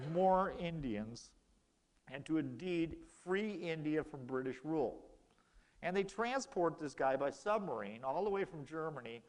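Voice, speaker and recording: A man's voice: on the high side, big-room sound. A man giving a casual history lecture in a lecture room, telling it as a story and acting out the quoted exchanges.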